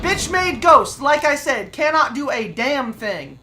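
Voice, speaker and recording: A woman's voice: sits high, sing-song, measured pace, very noisy. A woman streamer giving brash, profane commentary while she plays a game. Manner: brash, profane trash talk. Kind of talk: gameplay commentary.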